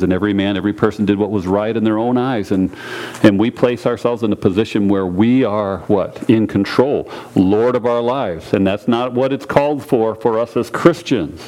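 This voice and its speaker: A pastor preaching a sermon in a church, earnest and direct, repeating key phrases and putting questions to the congregation. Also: male voice, fairly low pitch, dark tone, slight background noise, poor audio.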